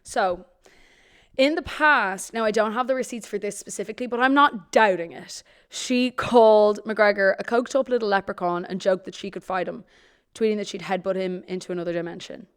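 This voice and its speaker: A young Irish woman with a smooth, mid-range voice talks a little fast as a podcast co-host. Her casual chat is full of gossip, free swearing, and tweets read aloud.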